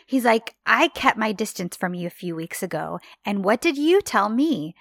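A woman's voice: mid-range voice, expressive, normal speed, a bit bright, dry recording, clean studio sound. A woman co-hosting a casual chat about a TV series, retelling scenes with sighs and exclamations. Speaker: podcast co-host.

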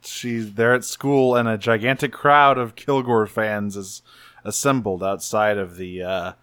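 A man's voice: fairly low pitch, steady tone, a little slow, a bit bright, clear, resonant tone, dry recording. A man casually recapping a cartoon episode on a podcast, rambling and swearing as he acts out bits. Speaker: podcast co-host.

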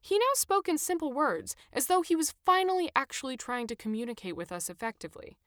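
A woman reading her own first-person travel memoir with expressive, animated storytelling. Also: sits high, brisk, dry recording, clean studio sound. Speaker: narrator.

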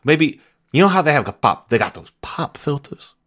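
A man's voice: on the high side, sing-song, normal speed, fairly bright tone. A man from Iowa co-hosting a comedy podcast, goofy and laughing through casual chat. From Iowa, USA. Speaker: podcast co-host and editor.

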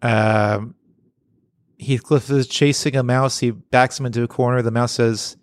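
A man's voice: mid-range voice, fairly even intonation, measured pace, dry recording. A man co-hosting a casual podcast, reading comic strips aloud and laughing often. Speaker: podcast co-host. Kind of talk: casual chat.

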